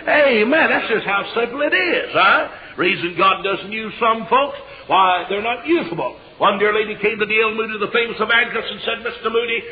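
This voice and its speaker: A man with an East Tennessee Southern accent preaching a revival sermon in a folksy storytelling way, often breaking into shouts. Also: high voice, lively intonation, normal speed. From Tennessee, USA. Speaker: evangelist preacher. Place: church service before a congregation. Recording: dull lo-fi live church recording. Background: congregation calling out amens.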